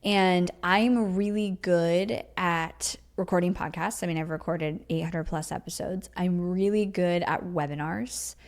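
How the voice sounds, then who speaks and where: A woman's voice: on the low side, steady tone, measured pace, few pauses. A woman hosting her podcast, riffing off the cuff in an emphatic, chatty teaching tone full of "like" and "you know". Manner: chatty, riffs off the cuff with many likes and you-knows. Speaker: podcast host. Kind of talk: casual solo podcast talk.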